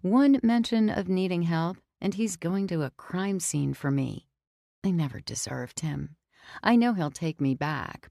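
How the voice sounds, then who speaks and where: A woman's voice: lowish voice, a little slow, vocal fry, dark tone, no room sound, clean studio sound. A woman narrating a first-person audiobook in a tense, confessional manner that sometimes drops to a whisper.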